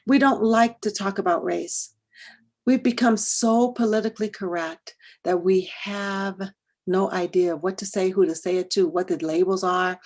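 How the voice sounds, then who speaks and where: A middle-aged woman from the United States giving an educational workshop talk, moving between hushed earnest asides and loud emphatic bursts and repeating phrases for emphasis. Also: mid-range voice, fairly even intonation, moderate pace. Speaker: workshop presenter.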